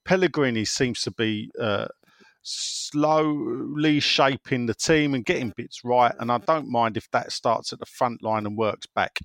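A man doing a cheeky Cockney Essex lad, reading a fan's letter aloud in a breezy, chirpy way. The voice sits at an ordinary middle pitch and sounds dry and close, with no room around it. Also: fairly bright tone, dry recording. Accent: Cockney Essex, put on. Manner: reads a listener's email aloud in a put-on voice.

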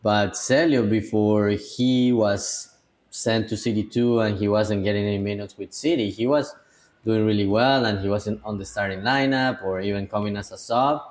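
A man co-hosts a sports podcast from a tavern in a fairly low voice. He talks in a relaxed way and pauses on fillers as he works through his thoughts. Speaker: podcast co-host. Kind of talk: casual sports podcast chat. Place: bar and tavern, live on location.

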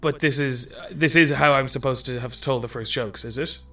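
A man's voice: mid-range voice, moderate pace, bright, forceful tone, far from the mic. A man playing a flustered caveman comic. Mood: bewildered. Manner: flustered, pleading, rising to outbursts. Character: clueless caveman stand-up comic, the first human.

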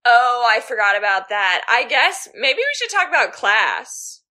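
A woman's voice: a little high, big pitch swings, unhurried, sharp tone. A woman co-hosting a casual book podcast, chatty and full of 'like'. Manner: chatty, many fillers like 'like'. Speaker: podcast co-host.

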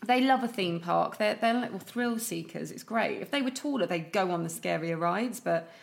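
A woman, a guest in a casual chat, lively and self-deprecating. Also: lowish voice, normal speed, gravelly. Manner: lively, self-deprecating, breaks into laughs and imitations.

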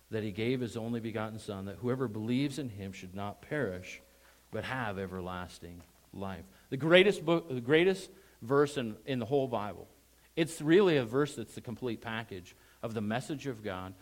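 A man preaching a sermon emphatically, repeating phrases and swinging between loud stressed words and quiet asides. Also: fairly low pitch. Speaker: pastor.

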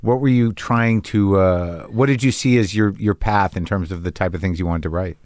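A man hosting an interview, backing up his guest with constant "yeah" and "right" and asking halting questions. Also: low-pitched, a little mellow, dry recording. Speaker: podcast host. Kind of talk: casual interview.

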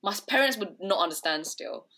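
A woman's voice: medium pitch, animated, a little fast, bright, forceful tone. A young woman co-hosting a podcast, chatting loosely with lots of fillers and restarts. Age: young adult. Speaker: podcast co-host. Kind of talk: casual chat.

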